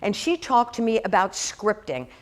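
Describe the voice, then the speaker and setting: Chatty, lively woman minister preaching. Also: medium pitch. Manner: lively, chatty preaching with asides and quick laughs. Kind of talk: sermon. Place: church hall.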